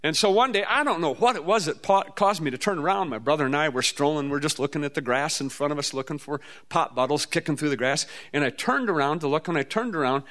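A man from the Midwestern US, preaching a storytelling sermon in a folksy, animated way with sudden jumps up in pitch. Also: quick pace, hardly any pauses. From Midwestern US, near the Mississippi River.

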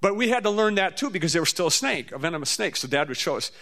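A man from the Midwestern US, preaching a storytelling sermon in a folksy, animated way with sudden jumps up in pitch. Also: fast. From Midwestern US, near the Mississippi River.

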